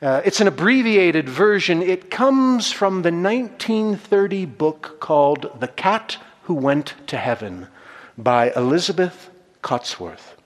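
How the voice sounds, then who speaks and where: A man preaches in a measured, reflective way, and his fairly high voice rises and falls in a lively manner. His words linger in a reverberant hall. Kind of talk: sermon with storytelling.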